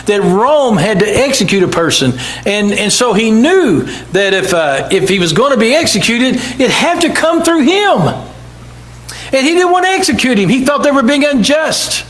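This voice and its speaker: A man's voice: sits high, rough recording. A man preaching a sermon in church, dramatically acting out the people in the scripture stories. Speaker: pastor.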